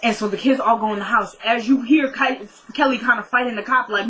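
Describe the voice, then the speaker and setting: A young woman recapping a TV episode in a casual vlog, chatty and excitable, rambling with lots of "like"s. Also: on the high side, a little fast, slight background noise. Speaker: TV show reviewer.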